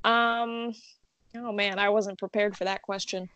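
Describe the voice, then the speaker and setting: Young woman podcast guest, mid-pitched, self-mocking and chatty. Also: steady tone, measured pace, a bit bright, clear, resonant tone, no echo. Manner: self-deprecating, laughs often. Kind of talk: casual chat.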